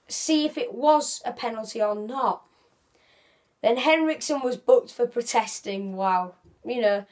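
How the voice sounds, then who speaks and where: A woman's voice: a little high, a bit bright. A woman giving a casual, rambling football match reaction as a fan vlogger, often correcting herself.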